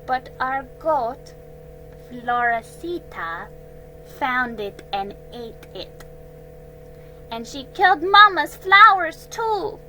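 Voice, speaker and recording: A woman's voice: high-pitched, sing-song, slow pace, faint music behind, full character voice, low-quality recording. A woman reading a storybook aloud, voicing a young girl who is heartbroken, furious and close to tears. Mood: shaky, sad. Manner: shouting in anger, then shaky and tearful.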